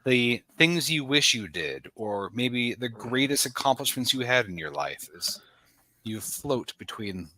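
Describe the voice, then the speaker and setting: A man's voice: mid-range voice, big pitch swings, unhurried, bright, forceful tone, low-quality recording. A man running a tabletop game as game master, narrating scenes evocatively.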